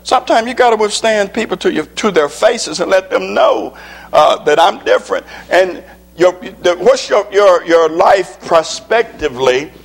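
A man with a rough, gravelly edge and a voice pitched a bit high delivers a motivational talk in a preacher's rhythm. He hammers his points home by repeating lines. He speaks as a preacher addressing an audience. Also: lively intonation, moderate pace. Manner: emphatic, repetitive preaching cadence. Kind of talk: motivational speech with slides.

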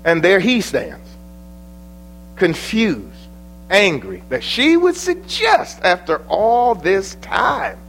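A man preaching a sermon, building to emphatic questions and then dropping his voice low and soft. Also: huge pitch swings, takes it slowly, gravelly, slight background noise.

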